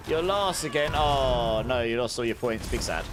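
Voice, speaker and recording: A man streaming a game and chatting with live viewers, talking loudly with audible breaths between sentences into a high-gain desk mic. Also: expressive, normal speed. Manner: rambling, self-correcting chatter. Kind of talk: casual chat with live viewers. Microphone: desk studio mic with high gain. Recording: clear background noise.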